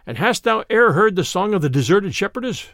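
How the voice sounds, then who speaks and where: A man's voice: sits high, very animated, brisk, fairly bright tone, no room sound, clean studio sound, heavily acted. A man voicing a friendly, merry cook who talks in old-fashioned phrases, in a storybook reading. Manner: archaic phrasing, affectionate. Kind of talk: storybook character voice.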